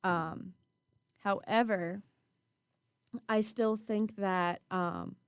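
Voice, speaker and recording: An eager young woman chats on a podcast as co-host, laughing easily and filling pauses with ums. Her voice is mid-pitched and recorded close and dry. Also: clear, resonant tone, no echo. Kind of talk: casual podcast chat.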